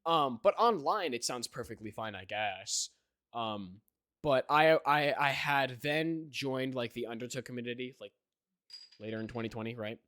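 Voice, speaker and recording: With a medium-pitched, slightly bright voice at a moderate pace, a teenage podcast host rambles through a story in casual chat. He leans heavily on fillers and keeps checking in with "right?". Clean studio audio with no echo.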